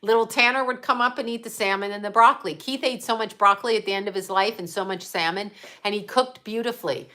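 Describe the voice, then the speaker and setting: A middle-aged woman with a bright, forceful voice, rambling casually to her livestream audience. She is blunt and emphatic and swears without a second thought, like a psychic medium speaking her mind. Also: mid-range voice, fast.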